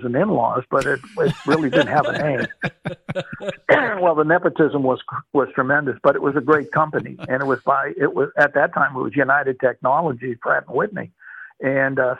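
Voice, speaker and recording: A man's voice: a little high, a little fast, vocal fry, husky, no echo. An older man from Boston, retired, telling his life story in an interview with lots of fillers and restarts. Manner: rambling, warm storytelling with many fillers. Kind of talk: oral history interview. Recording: tinny phone-like dry sound.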